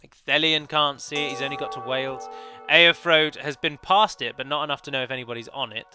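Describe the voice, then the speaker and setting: A man's voice: medium pitch, brisk, pushed and bright, clean tone, soft background music. Chatty man narrating a strategy game. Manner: chatty, self-correcting, analytical. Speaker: let's play commentator. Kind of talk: game commentary.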